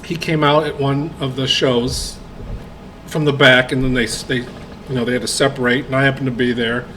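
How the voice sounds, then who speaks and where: A man's voice: mid-range voice, flat delivery, a bit bright, slight background noise, low-quality recording. A man co-hosting a casual podcast chat, trading jokes and telling a story with many fillers. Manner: chatty, quick to laugh, trails off in fillers. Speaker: podcast co-host. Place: podcast studio.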